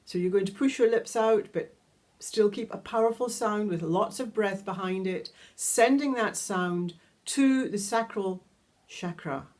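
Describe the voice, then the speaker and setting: A woman teaching a guided vocal toning lesson, calmly explaining each step and singing long vowel tones. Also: medium pitch, measured pace. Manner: calm, instructive, demonstrates sustained vowel tones. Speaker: sound healing teacher.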